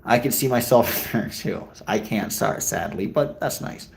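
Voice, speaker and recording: A man's voice: mid-range voice, lively intonation, normal speed, vocal fry. A man livestreaming while out walking, answering his chat in a joking, crude, rambling way. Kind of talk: casual chat. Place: walking outdoors in a city.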